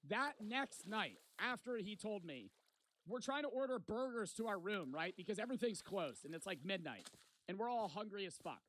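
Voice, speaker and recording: A young man with a high, light voice tells a rowdy, profane story in casual storytime fashion. The recording carries a noticeable hiss of background noise. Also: sing-song, moderate pace, a bit bright. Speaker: vlogger.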